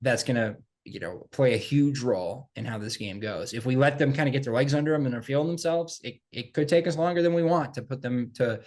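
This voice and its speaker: A man co-hosting a casual sports podcast, talking in an animated, emphatic way and repeating phrases for effect. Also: medium pitch, a little fast, few pauses. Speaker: podcast co-host.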